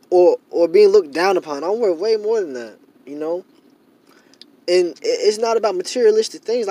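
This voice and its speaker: A man's voice: high voice, a little mellow. A young man in a casual monologue to camera, rambling and repeating himself with many fillers, growing heated and emphatic. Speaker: vlogger.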